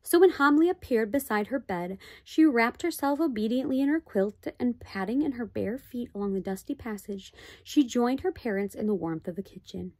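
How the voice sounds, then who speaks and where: A woman reads a children's storybook aloud, her fairly high voice lively and expressive. The sound is close and dry. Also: moderate pace, hardly any pauses, dry recording.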